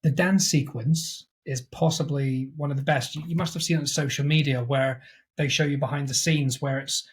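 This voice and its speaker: A man's voice: mid-range voice, fairly even intonation, moderate pace, husky. A man co-hosting a casual movie podcast over an online call, reading film facts aloud in a rambling, chatty way. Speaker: podcast co-host. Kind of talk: casual chat.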